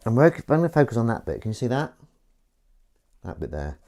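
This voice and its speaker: A man's voice: mid-range voice, sing-song, fairly quick, heavy background noise. A man with a sweary, grumbling manner, chatting casually to viewers while scrubbing pans at his kitchen sink. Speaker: livestream host. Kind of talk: casual chat while washing up.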